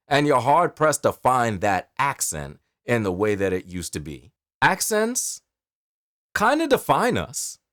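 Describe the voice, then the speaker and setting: A man with a New York accent, a voice actor speaking to camera in an expressive, emphatic storytelling delivery. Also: mid-range voice, dry recording, clean studio sound. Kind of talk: direct-to-camera talk.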